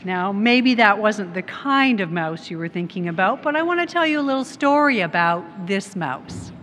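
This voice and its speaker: Speaking at normal speed in an expressive, mid-range and fairly bright voice, a middle-aged Canadian tech company head presents at a conference. She puts questions to the audience and shares small stories, recorded with long reverb in a large hall and faint background noise.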